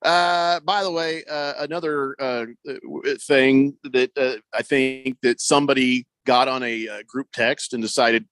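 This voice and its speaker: A man's voice: medium pitch, fairly even intonation, measured pace, hardly any pauses, fairly bright tone, clear, resonant tone, dry recording. A man hosting casual sports radio banter, joking and reading out listener messages on a studio microphone. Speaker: radio host.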